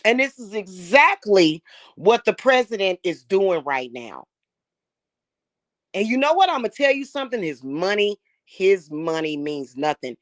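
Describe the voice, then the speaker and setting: A woman's voice: medium pitch, very animated, unhurried, dry recording. A woman, talking casually to her viewers, emphatic and emotional, often repeating words as she builds up steam. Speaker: spiritual channel host.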